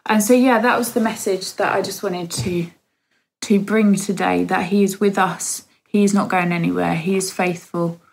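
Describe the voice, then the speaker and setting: A woman in her thirties giving a heartfelt spoken testimony in a church service, halting with many pauses and fillers. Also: medium pitch, steady tone, creaky, poor audio.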